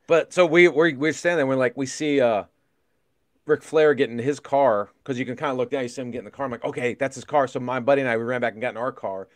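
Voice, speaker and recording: A middle-aged man co-hosting a podcast, telling a story in casual chat, excitable and swearing freely as he re-enacts moments. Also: mid-range voice, quick pace, no room sound, clean studio sound. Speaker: podcast co-host.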